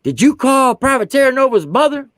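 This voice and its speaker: A man's voice: high voice, fairly quick, a bit bright, dry recording, studio quality, pitched above the performer's own voice. A man mimicking a stern, accusing army colonel. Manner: accusing, barking threats. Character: stern middle-aged male army colonel.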